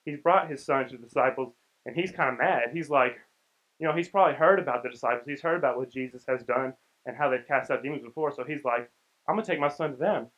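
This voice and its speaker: A man's voice: mid-range voice, fast, fairly bright tone, dull audio. A young man giving a casual, conversational sermon and acting out the lines of the people in the story. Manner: conversational, acts out the characters' lines. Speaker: preacher.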